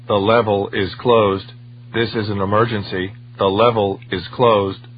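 A flat, mechanical loudspeaker alarm, put on by a man announces in a slow monotone. The audio is dull and lo-fi, with a faint hum. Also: fairly low pitch, lightly acted.

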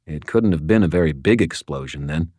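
Brief: deep male narrator, steady and wry, dry close studio sound. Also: brisk, no room sound. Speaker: audiobook narrator. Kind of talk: first-person audiobook narration.

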